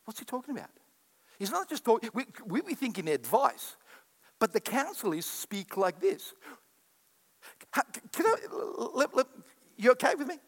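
A man's voice: very high voice, sing-song, normal speed, pauses often. A man preaching a sermon to a congregation, acting out quoted voices and calling back to the crowd. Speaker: pastor. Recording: echoey hall with long reverb.

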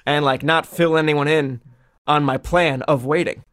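A man's voice: on the high side, fairly even intonation, normal speed, fairly bright tone. A man in casual comedic chat, riffing with dry, wry reasoning.

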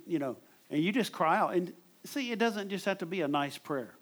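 Conversational male preacher, slightly high voice. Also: animated, brisk, fairly bright tone. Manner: conversational, repeats words when stressing a point. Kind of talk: sermon.

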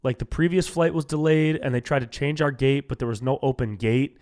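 A young man from California hosting a solo comedy podcast, riffing in an animated, incredulous way and saying "dude" a lot. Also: mid-range voice, a little fast.

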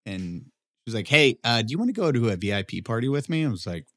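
A man in his thirties telling a story in casual chat, animated, acting out quotes in a raised voice, swearing and laughing often. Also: medium pitch, fast. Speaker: podcast co-host telling a story.

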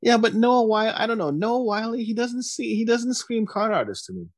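A man's voice: high voice, big pitch swings, a little fast, no room sound, clean studio sound. A man co-hosting a podcast in a laid-back, casual way, mostly giving short replies. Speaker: podcast co-host. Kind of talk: casual chat.

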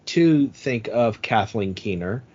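A man's voice: on the low side, animated, slow, a little mellow, muffled recording. A man hosting a casual comedic chat about a film, trading jokes and asides. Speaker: podcast host.

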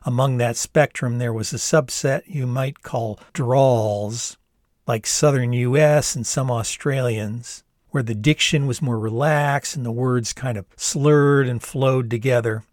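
An older American-born man tells his own story in a wry, easygoing storyteller's voice. His pitch is a plain middle register, and the sound is dry and close with no room around it. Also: steady tone, unhurried, a little mellow, no echo. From the United States. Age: 60s. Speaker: author reading his own memoir-novel. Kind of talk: storytelling narration.

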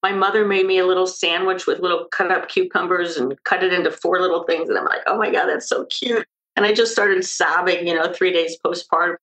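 An older woman speaks as a guest on a podcast interview. Her voice sits fairly low, and she explains things emphatically, bringing in lively stories. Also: a little fast, hardly any pauses, low-quality recording. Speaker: maternal mental health expert guest.

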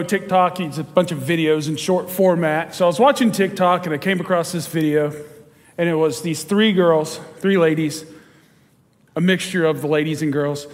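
Man, pastor, sermon, lively storytelling, long church reverb. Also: a little high. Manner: storytelling, animated, chuckles while telling stories. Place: church sanctuary.

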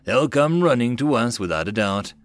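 A man voicing a calm, confident young male military lieutenant who gives steady orders in an audiobook. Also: medium pitch, normal speed, dry recording, close to an everyday voice.

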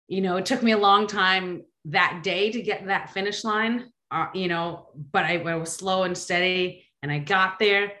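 A woman telling a personal story in a casual, animated way, with many fillers and restarts. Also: medium pitch, measured pace, roomy sound.

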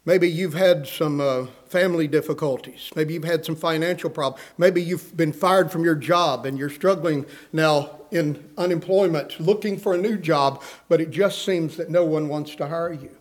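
A man's voice: a little high, normal speed, few pauses. A man preaching a sermon in a slightly raised voice. He talks in a rhythmic preaching cadence that swells into pleading outbursts. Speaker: pastor.

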